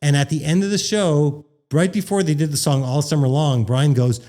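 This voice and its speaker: A man from Canada chats on a podcast, telling a story in a warm, mellow voice. He is animated and acts out the quoted lines of dialogue in a higher voice. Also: moderate pace, hardly any pauses. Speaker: podcast guest, former radio worker. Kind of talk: casual storytelling chat.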